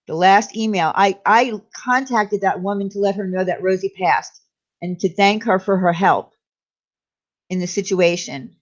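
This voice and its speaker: Candid woman chatting live, lo-fi. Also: medium pitch. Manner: candid, confiding, reads out viewer names. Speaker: live stream host. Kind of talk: casual live chat with viewers.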